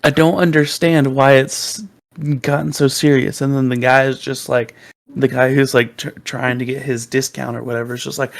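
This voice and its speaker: Rambling young man with a gravelly voice. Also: medium pitch, little pitch movement, moderate pace. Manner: rambling, filler-heavy. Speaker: podcast co-host. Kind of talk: casual storytelling.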